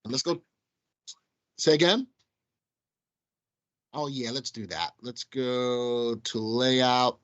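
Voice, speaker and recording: A Southern-accented man hosts a live stock market show from a studio, chatting casually with viewers he calls "folks." His mid-range, slightly bright voice comes slowly with frequent pauses, and the highs are cut off.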